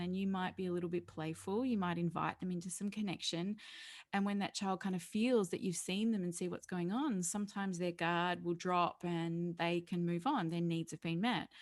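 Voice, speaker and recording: A middle-aged woman, a parenting educator, speaking as a podcast guest in an earnest, explanatory way. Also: mid-range voice. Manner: earnest and explanatory, slipping into playful voices for children and parents. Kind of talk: podcast interview conversation.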